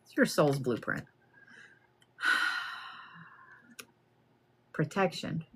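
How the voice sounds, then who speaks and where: Low-voiced chatty woman reading cards. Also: very slow, slight background noise. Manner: chatty, plain-spoken, animated asides. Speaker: card reader. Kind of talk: live card reading.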